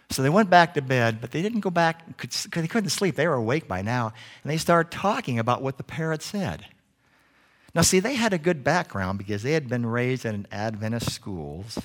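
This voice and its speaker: A man preaching a sermon, telling a story in an animated way. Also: medium pitch, normal speed. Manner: animated storyteller doing voices.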